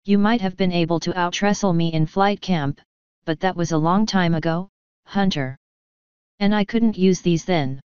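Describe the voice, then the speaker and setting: A woman gives voice to a tough female griffon mercenary, blunt and matter-of-fact about her work. Her voice sits low and stays very smooth. It is recorded dry with a slightly dull sound. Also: normal speed, darkish tone, dry recording, close to an everyday voice. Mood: cocky. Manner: blunt, offhand.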